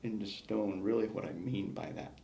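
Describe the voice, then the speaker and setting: Gravelly low-voiced man in an echoey room. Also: moderate pace, dark tone, slight background noise. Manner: reflective, emphatic, many restarts. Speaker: retiring battalion chief. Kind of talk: exit interview conversation. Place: indoor meeting room.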